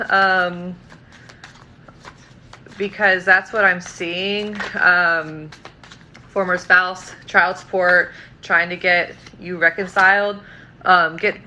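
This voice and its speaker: A woman's voice: mid-range voice, pushed and bright, slight background noise, poor audio. A woman giving tarot readings on a livestream, casual and scattered, with frequent ums and likes and free swearing.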